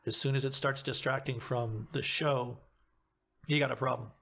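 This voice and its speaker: A man chatting on a podcast as the guest, and his voice sits at an ordinary middle pitch. He thinks aloud, stops partway through phrases and starts them again before he finds his point. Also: fairly even intonation, vocal fry, a bit bright. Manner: thoughtful, halting, frequent restarts. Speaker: guest actor. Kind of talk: casual podcast chat.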